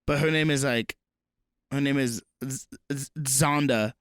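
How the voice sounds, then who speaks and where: A young man co-hosting a loose comedy podcast, swearing freely and riffing fast on the news. His voice is smooth and resonant, at a middling pitch. The sound is dry and close. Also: dry recording. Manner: profane, animated, reads headlines aloud. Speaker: podcast co-host. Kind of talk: casual comedy podcast chat.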